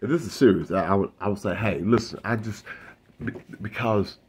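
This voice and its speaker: A male comedian speaks a little fast in a fairly low, darkish voice, performing a loose, self-interrupting stand-up monologue to camera crowded with fillers, restarts and asides. A little hiss or hum sits under the audio.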